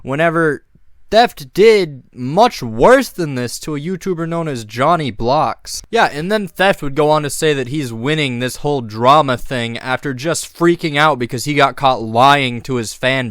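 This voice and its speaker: A man narrates a commentary documentary in a sarcastic, scornful, casual tone. His voice is smooth and resonant, and the recording is close and dry, with no room sound. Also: mid-range voice, measured pace, a bit bright, no room sound.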